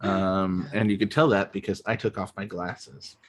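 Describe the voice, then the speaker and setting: A man's voice: sits low, fairly even intonation, normal speed, slight background noise. A man hosting an improv comedy show, chatting casually with lots of ums and self-mocking jokes as he explains the games.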